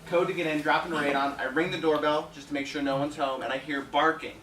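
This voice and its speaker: A man's voice: fairly high pitch, fairly even intonation, fast, fairly bright tone. A man telling anecdotes in a conference talk, chatty, laughing often and acting out the people he quotes. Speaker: home inspector speaking at a conference. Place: conference room with an audience. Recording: echoey room, mic heard from far, audience noise.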